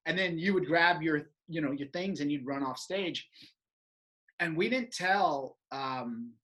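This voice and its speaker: A man's voice: a little high, unhurried, bright, forceful tone, poor audio. A man animatedly recalling a comic stage routine, often laughing. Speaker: former stage partner, performer. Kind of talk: casual reminiscing chat.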